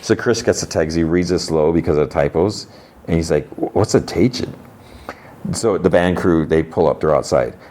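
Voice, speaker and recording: A man's voice: low-pitched, normal speed, darkish tone, a little hiss or hum. A man from Illinois, a podcast host, casually recapping an episode in a rambling way. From Illinois, USA. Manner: rambling, fillers like "like".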